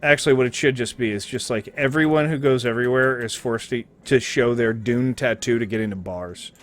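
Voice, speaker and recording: A man's voice: mid-range voice, fairly quick. A man streaming a game, chatting casually in a rambling, joking, profane way.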